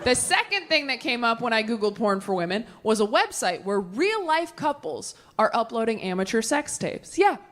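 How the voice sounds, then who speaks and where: A woman in her thirties performing a stand-up comedy set, chatting with the crowd in quick conversational asides. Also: fairly high pitch, big pitch swings, fairly bright tone. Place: large venue with a live audience. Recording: live show with audience laughter. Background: audience laughter.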